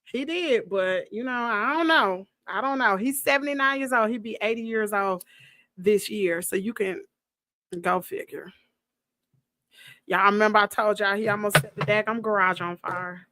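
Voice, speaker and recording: Coughing from bug spray fumes, a livestream host recounts a story in a lively, gossipy Southern manner during a casual chat. She's in her downstairs home office before a green screen, speaking at medium pitch and moderate pace, with no room sound.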